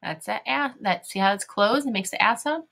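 A woman's voice: mid-range voice, lively intonation, moderate pace, gravelly, fairly bright tone, a little hiss or hum. A woman teaching a phonics lesson to young children, spelling words out letter by letter and sounding them out in an encouraging way.

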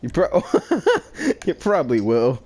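A man's voice: medium pitch, huge pitch swings, slow, a little mellow. A man trash-talking and laughing with friends during an online racing game session. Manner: teasing, laughs often, trash talk. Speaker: gamer host. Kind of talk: casual gaming chat with friends. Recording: noisy voice chat with clicks.

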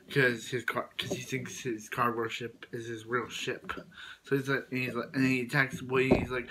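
A man casually retelling a movie plot as a reviewer, rambling with many restarts and quick quoted lines. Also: medium pitch, fairly even intonation, noisy background.

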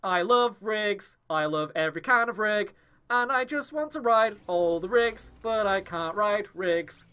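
A man with a high, bright voice hosts a gaming video, gushing over every reward. His pitch leaps all over the place as he chatters and laughs through the play. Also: measured pace, smooth. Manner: gushing, excitable, laughs often. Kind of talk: excited let's-play commentary.

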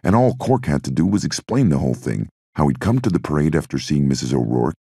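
A man reading an audiobook in a steady, measured narration. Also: very deep voice, creaky, breathy edge, no echo, clean studio sound.

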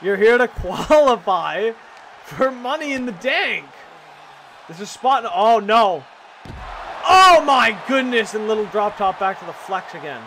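A young man giving excited, profane play-by-play commentary on a wrestling video game, shouting at the big moves. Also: high voice, measured pace. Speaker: gaming commentator. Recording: loud game crowd noise behind. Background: video game crowd and noise.

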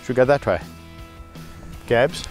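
A wildlife sanctuary keeper and channel host with a mid-range voice vlogs casually outdoors while handling lions, speaking a little slowly. He's animated, cooing and calling affectionately to the lions, with soft music in the background.

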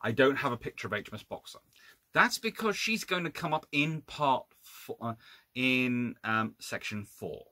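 A man's voice: mid-range voice, animated, moderate pace, pushed and bright, dry recording. A man, a naval historian, giving an informal illustrated lecture with wry, exasperated asides and frequent self-corrections.

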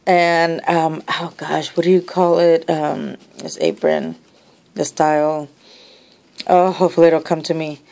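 Emotional woman vlogger, gravelly voice, slow rambling delivery. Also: low voice, lively intonation. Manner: emotional, tearful, gushing; rambling with many restarts and soft asides. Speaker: vlogger opening happy mail. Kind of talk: casual vlog.

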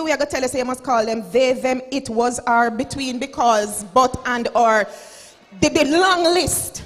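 High-voiced Jamaican woman speaking in a hall. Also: a bit bright. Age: 40s. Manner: preachy, dramatic, slips into Patois. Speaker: school principal and keynote speaker. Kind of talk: motivational keynote speech.

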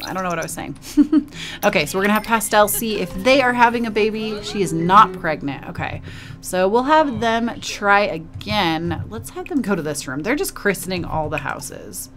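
Casual host, woman, mid pitch, very animated delivery, chatty game commentary over faint music. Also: a little slow. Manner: chatty, emotive, cooing at characters. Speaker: gaming video host. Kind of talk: casual let's play commentary.

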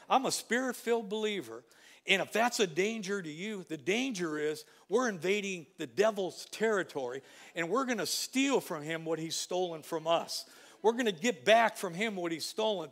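A man's voice: high-pitched, a bit bright. A middle-aged man preaching a sermon as pastor, mixing conversational asides with rising fervor.

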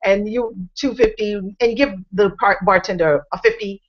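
A woman's voice: mid-range voice, normal speed, dull audio. A woman hosting an inspirational morning talk, telling an imagined story in the second person and calling on listeners to stay with her. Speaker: motivational speaker and show host.

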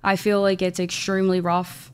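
A woman's voice: lowish voice, completely flat delivery, normal speed, clean tone. A young woman from Philadelphia, a small business owner chatting as a podcast guest, telling her story with lots of quoted asides. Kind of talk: casual interview chat.

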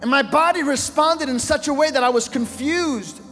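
A man in his sixties preaching a sermon, telling a story dramatically, moving from hushed tones to shouting. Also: very high-pitched, moderate pace. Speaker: pastor. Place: church sanctuary. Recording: church hall reverb with music.

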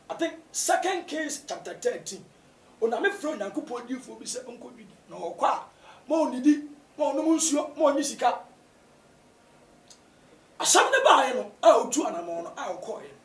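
A man with a Ghanaian accent, a pastor answering interview questions in a preaching style, often rising to shouts for emphasis. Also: very high voice. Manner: animated, bursts into shouts to stress points. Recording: roomy echo, distant from mic.

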